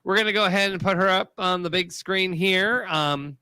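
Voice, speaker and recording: A man's voice: high voice, normal speed, bright, forceful tone, clean tone, dry recording. A man hosting a casual chat show who rambles with many fillers and jokes around. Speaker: host.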